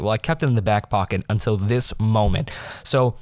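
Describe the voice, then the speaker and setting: A man's voice: fairly low pitch, moderate pace, a little mellow, no room sound, clean studio sound. A teenage boy hosting his own podcast, telling stories in a rambling, self-deprecating way with lots of fillers and restarts. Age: teens. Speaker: podcast host. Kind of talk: casual storytelling monologue.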